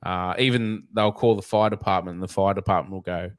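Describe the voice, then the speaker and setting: A man's voice: sits low, steady tone, fairly quick, no echo. An Australian man, a snake catcher guest, telling blunt, profane, rambling stories in a casual interview.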